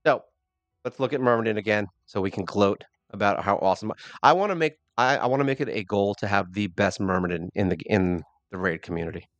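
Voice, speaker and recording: A man with a lowish voice talks through gameplay in a loose, rambling way, dropping dry self-deprecating jokes. The sound is close and dry, with no room around it. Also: expressive, brisk, dry recording, dull audio. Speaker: gaming channel host. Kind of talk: casual game commentary.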